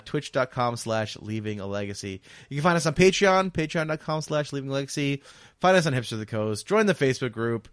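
A man's voice: medium pitch, fairly bright tone, no room sound, studio quality. Rambling laid-back podcast host man. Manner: loose and rambling, many fillers and restarts. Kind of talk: casual podcast chat.

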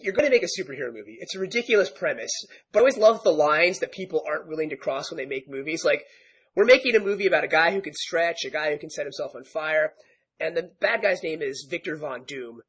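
A man hosting a casual podcast, an enthusiastic, giggly fan who talks quickly. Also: fairly high pitch, animated, husky. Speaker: podcast host. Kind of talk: casual chat.

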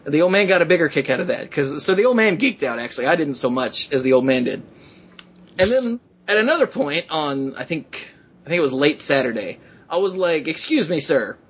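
Man, podcast host, casual chat, husky, excitable storyteller, muffled lo-fi sound. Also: fairly high pitch, brisk. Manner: excitable storyteller, acts out quotes in a rising voice.

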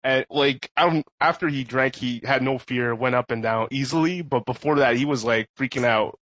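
A man's voice: mid-range voice, normal speed, fairly bright tone, no room sound. A man telling a story in a casual podcast chat, rambling with many fillers and laughing often. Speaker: podcast co-host.

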